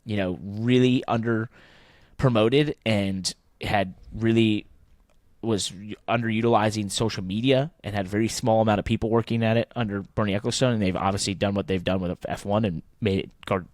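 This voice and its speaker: A man in his thirties, co-hosting a motorsport podcast, chats enthusiastically and conversationally with plenty of fillers, though his voice is wearing out. He speaks fairly quickly in a lowish, steady, slightly mellow voice. The studio sound is clean, with no room sound.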